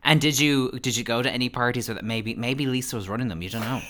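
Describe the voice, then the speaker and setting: Bright, bubbly male podcast host. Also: mid-range voice, quick pace. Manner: bubbly and gossipy, acts out quotes, laughs often. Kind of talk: casual chat, interviewing.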